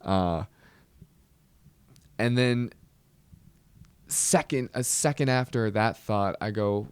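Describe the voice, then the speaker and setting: A young man hosting a podcast, telling a comedic story with animated, exasperated outbursts. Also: on the low side, slow pace, long pauses, clean tone, no room sound. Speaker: podcast host.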